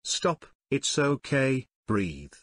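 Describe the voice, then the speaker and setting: A man voicing a scheming male restaurant owner, with flat, slow amateur delivery and a dry sound. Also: mid-range voice, no room sound, heavily acted.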